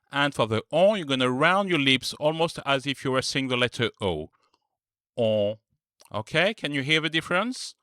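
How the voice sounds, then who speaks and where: A man teaching a pronunciation lesson, patiently repeating each example word slowly and clearly. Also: mid-range voice, pushed and bright, dry recording, studio quality. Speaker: French teacher.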